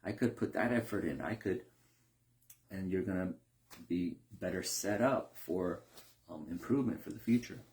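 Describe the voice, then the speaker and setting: A man talking casually in a reflective monologue, with many fillers and restarts, briefly acting out other people in a higher voice. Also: moderate pace, darkish tone. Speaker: speaker sharing reflections.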